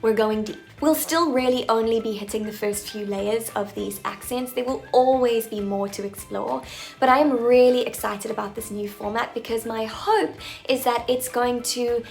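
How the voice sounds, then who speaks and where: A woman's voice: on the high side, fairly even intonation, moderate pace, gravelly, darkish tone, faint music behind. A woman accent coach making an upbeat announcement to her viewers, with playful, jokey asides.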